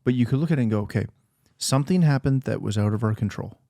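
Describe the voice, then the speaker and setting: A man co-hosting a casual talk show, explaining ideas in a relaxed conversational way and acting out his own inner voice. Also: mid-range voice, quick pace, creaky, no room sound, clean studio sound. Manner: conversational, talks through ideas with quoted self-talk. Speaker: podcast co-host. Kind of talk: casual faith-based chat.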